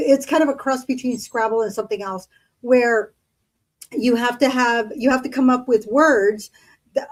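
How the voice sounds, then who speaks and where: Chatty middle-aged woman, a bit high. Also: rough recording. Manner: chatty, rambling, with many fillers and colloquial speech. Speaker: podcast co-host. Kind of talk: casual chat.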